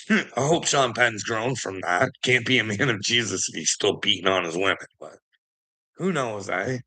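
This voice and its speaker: A man's voice: lowish voice, moderate pace, bright, forceful tone. Profane, rambling Canadian man ranting. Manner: profane, rambling, laughs between remarks. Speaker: political commentary host. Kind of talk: casual ranting monologue.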